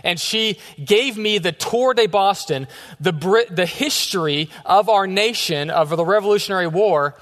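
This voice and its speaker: Joking youth pastor in an echoey church. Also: male voice, high-pitched, moderate pace, fairly bright tone. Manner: casual, joking storytelling. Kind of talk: sermon. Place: church sanctuary.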